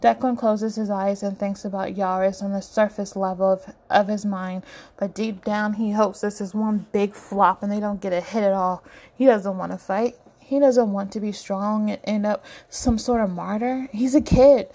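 A woman narrating a story in a steady, expressive reading voice. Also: mid-range voice, normal speed.

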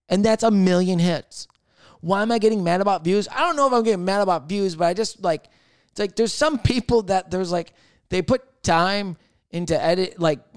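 A man hosting a solo podcast, rambling and thinking out loud in casual chat, swearing freely. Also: high voice, clean tone, dry recording, clean studio sound. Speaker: podcast host.

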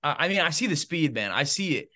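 Quick-paced and a little high in pitch, this man co-hosts a sports podcast, firing off strong football opinions in casual, animated banter stuffed with "bro" and "man."

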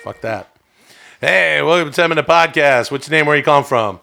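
A man co-hosting a comedy podcast, joking around and often breaking into laughs and shouts. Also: a little high, fairly quick, vocal fry, soft background music. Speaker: podcast co-host. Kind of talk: casual comedic chat.

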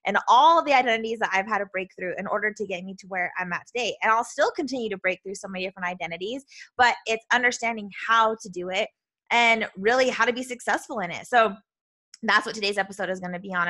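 A woman in her thirties from Utah with a Utah accent, hosting a podcast as a self-love coach, talking fast and bubbly with lots of "like" and "right?". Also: mid-range voice, sharp tone. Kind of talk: casual solo podcast monologue.

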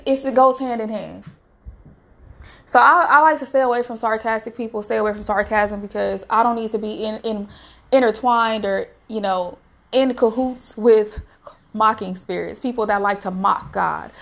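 A woman with a fairly high voice gives a casual devotional talk to her viewers. She speaks earnestly and urges them on the way a preacher would. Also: creaky, fairly bright tone. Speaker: faith vlogger sharing a devotional message.

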